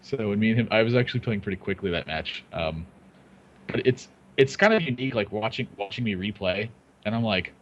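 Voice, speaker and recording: A man's voice: lowish voice, lively intonation. Easygoing man, slightly dull audio. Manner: easygoing, self-deprecating, quick to laugh. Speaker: Hearthstone caster and panel host. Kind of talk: casual panel chat.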